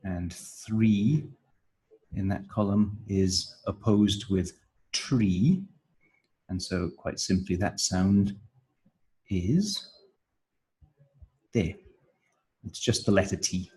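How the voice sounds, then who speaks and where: A low-voiced man with little pitch movement, a slightly mellow tone and a breathy edge plays a teacher trainer, on a rough recording. He works slowly through a training manual step by step, explaining as he goes and dropping frequent ums and uhs into this instructional walkthrough.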